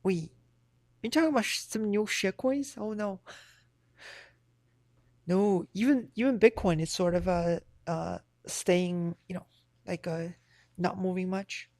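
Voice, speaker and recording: A woman's voice: fairly low pitch, steady tone, unhurried, pauses often, darkish tone, no echo, studio quality. A woman livestreamer in casual chat, giving blunt, profane, rambling opinions.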